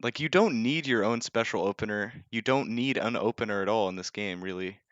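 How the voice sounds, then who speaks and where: A young man calling a live game in a casual, joking tone, quick to poke fun at himself. His voice sits a little low. The home mic sounds dry and slightly dull. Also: a bit bright, no room sound. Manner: casual, joking, self-deprecating, with many fillers. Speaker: esports caster.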